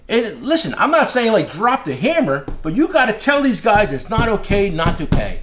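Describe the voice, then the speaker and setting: A man's voice: sits high, sing-song, moderate pace, few pauses, fairly bright tone, a little hiss or hum. A man who is an independent tool dealer, giving blunt casual advice, repeating his key phrases.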